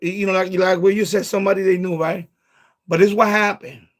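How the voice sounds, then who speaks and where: High-voiced, profane man on a live stream. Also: quick pace. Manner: profane, excitable, keeps saying bro. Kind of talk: casual late-night chat.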